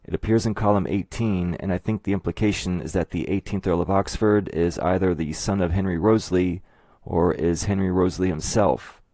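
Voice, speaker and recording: Male narrator for an explainer: deep voice, dry close-mic sound, measured and methodical. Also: steady tone, mellow, no room sound. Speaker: video essayist.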